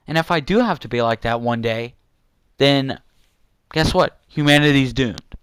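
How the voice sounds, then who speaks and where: A man's voice: mid-range voice, moderate pace, fairly bright tone, smooth, no echo. A young man delivering an angry, repetitive rant to his viewers, insulting some people and apologizing to others. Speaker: youtuber ranting to viewers.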